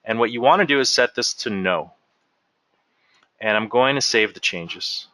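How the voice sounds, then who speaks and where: A man guides viewers through a software walkthrough one step at a time, with a bright, forceful tone. The sound is dry and close, with no room echo around it. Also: mid-range voice, normal speed. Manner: explains step by step while clicking through. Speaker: software trainer. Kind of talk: screen-share software walkthrough.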